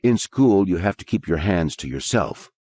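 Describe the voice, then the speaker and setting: A man's voice: deep voice, expressive, normal speed, warm tone, no room sound. A man reading an audiobook, voicing a teenage girl who is teasing and firm. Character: teen girl, patient but firm.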